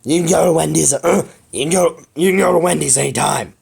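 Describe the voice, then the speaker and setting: A man's voice: a little high, a little fast, vocal fry, darkish tone, husky, heavily acted. A man reading a fanfic aloud, voicing a grumbling old great-uncle and stumbling over the words.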